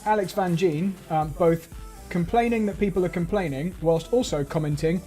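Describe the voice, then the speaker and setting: A man's voice: high-pitched, normal speed, dark tone, faint music behind. A man hosting a live stream, reading viewer comments aloud and adding wry asides.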